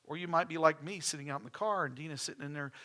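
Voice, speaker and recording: Preacher guy, middle-aged, folksy storyteller, bright voice. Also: fairly high pitch, rapid-fire. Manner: folksy storytelling, repeats key phrases for emphasis. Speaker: pastor. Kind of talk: sermon. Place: church.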